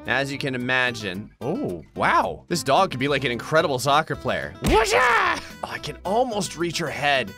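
Young male gaming host, animated, joking, quick to laugh, swooping delivery. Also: mid-range voice, soft background music. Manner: excitable, laughs often, jokes at the game. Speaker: gaming YouTuber. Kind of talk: let's-play commentary.

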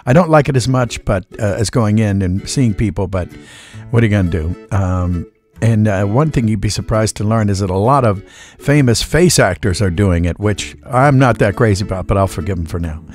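A man's voice: on the low side, animated, moderate pace, a little mellow, soft background music. Chatty man telling stories in an interview. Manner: chatty, folksy, acts out voices in anecdotes. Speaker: voice actor guest. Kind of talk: relaxed interview storytelling.

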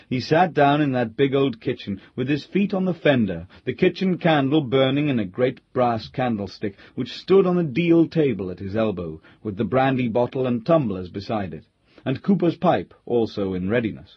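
A man narrates a classic story in a measured, steady reading voice. His tone is very husky and mid-pitched. The recording is dry and slightly dull. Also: dry recording. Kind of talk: scripted audiobook narration.

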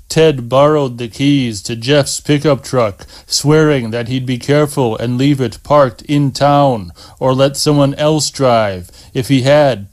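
Slow, measured male audiobook narrator. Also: medium pitch, a little mellow.

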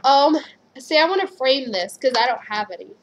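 A young woman chatting casually in a vlog, gushing and squealing with excitement over gifts. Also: sits high, normal speed, slight background noise. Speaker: vlogger.

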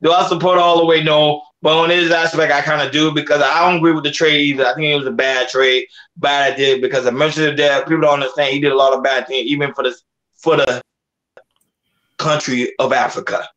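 A man's voice: a little high, little pitch movement, fast talker, a bit bright, highs cut off. A man hosting a reaction channel, giving casual commentary with stumbling restarts.

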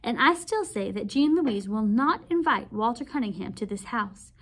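A woman's voice: on the high side, expressive, moderate pace, fairly bright tone. A woman reading as a stern proper aunt. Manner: firm, clipped, disapproving.

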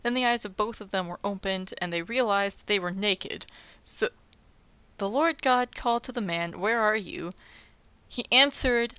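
A woman in a wry, exasperated comic register, reading aloud and then snapping into loud disbelief. Her voice is smooth and clean, set in a dry, close space with slightly muffled, dull highs. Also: unhurried, no echo. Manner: wry, exasperated, breaks into loud incredulous outbursts. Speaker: comedic Bible reader. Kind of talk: casual comedic scripture commentary.

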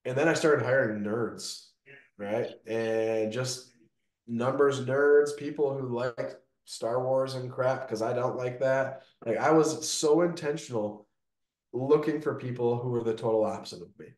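In an echoey room, a man who runs a gutter business speaks as an interview guest in an unhurried, medium-pitched voice. His storytelling is energetic and full of "like" and "right?"

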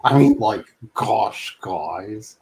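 A man's voice: on the low side, expressive, very slow, a little mellow, breathy edge, low-quality recording. A man on voice chat during a game, teasing his friends in a dry, sarcastic way. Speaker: streamer playing a survival game. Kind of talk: casual gaming chat.

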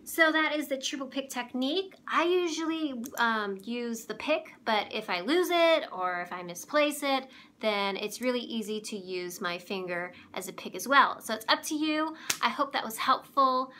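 A young woman giving a relaxed, chatty ukulele lesson, often pausing to search for words. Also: on the high side, a little hiss or hum. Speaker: ukulele teacher. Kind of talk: casual instrument tutorial. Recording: clear ukulele playing behind the voice.

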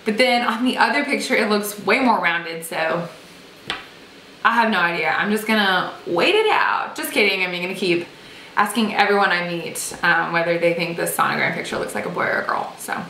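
A woman's voice: lowish voice, lively intonation, normal speed, pushed and bright. A young woman chatting and joking as she vlogs to her camera at home. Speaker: vlogger. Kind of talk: casual pregnancy vlog to camera. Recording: echoey room with faint hiss.

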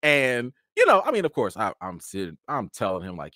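A man casually telling stories from an awards show, chatty with many fillers, jumping into a high excited voice when acting out his encounters. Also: brisk, few pauses, dry recording, clean studio sound. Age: adult with a child. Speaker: vlogger recounting an awards show. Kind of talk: casual storytelling chat.

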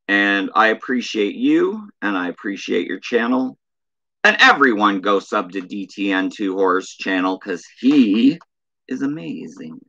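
A man hosting a casual live stream, reading viewer chat messages aloud in a flat drawl. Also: lowish voice, muffled recording.

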